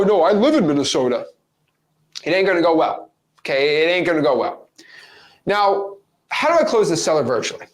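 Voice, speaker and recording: Energetic guy teaching real estate stuff, casual and playful, voice jumps around a lot. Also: a little high. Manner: energetic, playful, talks to the viewer. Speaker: real estate wholesaling coach.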